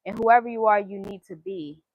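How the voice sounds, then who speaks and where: A woman's voice: mid-range voice, brisk, no room sound, muffled recording. Blunt, outspoken woman reading tarot. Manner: blunt and outspoken, swears freely; lists card meanings in a chanting cadence. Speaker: tarot reader.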